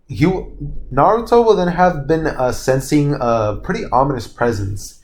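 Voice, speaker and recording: A young man spins a homemade fan story in a loose, unscripted ramble. He keeps losing names, doubling back to correct himself, and drops the odd curse. His voice sits at an ordinary middle pitch. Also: very animated, normal speed, a little mellow, a little hiss or hum. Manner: laughs at his own slips, swears casually. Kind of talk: casual spoken fan-fiction retelling.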